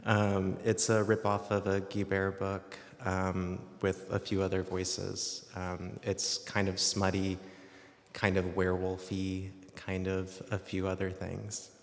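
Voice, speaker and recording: A man with a lowish, gravelly voice talks to a live audience in an excited, emotional way and reads his poems. The sound rings with the long reverb of a reading hall. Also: slow pace. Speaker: poet reading his work. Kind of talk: live poetry reading with casual remarks. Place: event venue with an audience.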